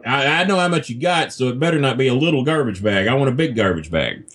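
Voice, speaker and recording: A man's voice: medium pitch, lively intonation, quick pace, fairly bright tone. A man, telling crude, self-mocking stories as a podcast guest. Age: 50s. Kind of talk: casual storytelling. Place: not at a desk microphone.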